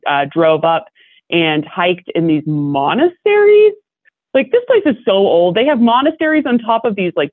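A young woman chatting casually on a podcast, telling lively stories and laughing often. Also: on the low side, no echo. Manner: animated storytelling with frequent laughs. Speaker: guest. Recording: dry, tinny phone-like line.

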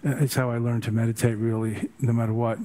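A man's voice: medium pitch, level tone, brisk, warm tone. An older man, a meditation teacher, giving a dharma talk full of humorous, rambling stories.

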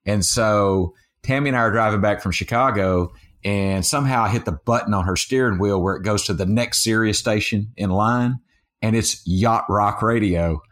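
A podcast co-host with a lowish, fairly bright voice speaks at normal speed in casual chat. He rambles through his stories, correcting himself along the way.

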